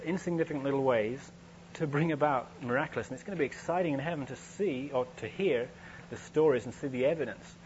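In a loose, conversational sermon, a male preacher tells a story, frequently restarting his sentences. His mid-range voice is a little mellow, and the dull, lo-fi recording carries a faint hum and noise.

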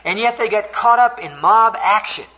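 An older man preaching a sermon, earnest and animated as he tells a story, voice climbing high when stirred. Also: moderate pace. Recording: dull, lo-fi recording.

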